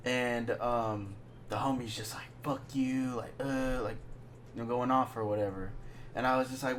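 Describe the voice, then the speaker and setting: A young man telling a rambling, slang-filled story in a casual monologue, dropping to a hush when he quotes his friend. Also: mid-range voice, steady tone, moderate pace, a little hiss or hum. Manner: slangy, rambling, drops to hushed tones when quoting.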